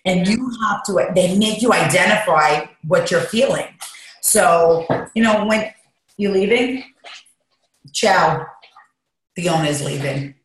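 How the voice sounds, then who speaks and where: Heavy echo clings to every word as this interview guest talks candidly from a treatment center. Her slightly low voice is earnest and unhurried, and she sounds confessional and emphatic, leaning hard on what matters to her.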